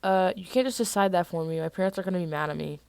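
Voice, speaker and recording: A woman reading her own story aloud, voicing an angry, foul-mouthed teenage boy who yells and swears defiantly. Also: lowish voice, very fast, creaky, clear, resonant tone, no room sound.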